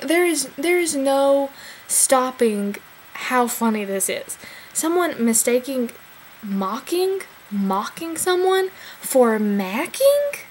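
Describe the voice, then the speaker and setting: Young woman, twenties, casual storytelling, animated, swooping pitch, slightly high voice. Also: a little hiss or hum, poor audio. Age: 20s. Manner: animated, big pitch swings, chatty.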